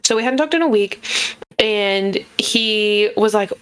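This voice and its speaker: A young woman chatting on a podcast, telling her own stories in a frank, animated way. Her voice sits in an ordinary middle range and she swears without holding back. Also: medium pitch, a little slow, clear, resonant tone. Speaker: podcast co-host. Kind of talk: casual storytelling chat.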